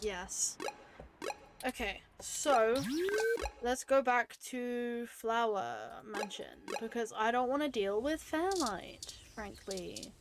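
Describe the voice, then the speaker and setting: Giggly, swearing woman streamer, slow-talking. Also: fairly high pitch, animated, background noise. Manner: chatty, giggly, swears casually. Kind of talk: casual let's-play commentary.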